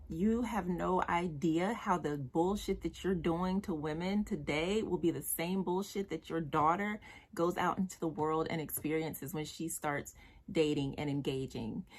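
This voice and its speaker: A young woman vlogger giving blunt, exasperated commentary about dating, with slang and profanity. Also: low-pitched. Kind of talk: direct-to-camera commentary.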